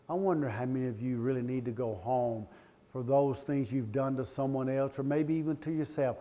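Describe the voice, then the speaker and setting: A middle-aged motivational speaker tells a personal story with passion to a live audience. His mid-range voice moves a little fast, swinging from loud pleading to quiet, emotional confession.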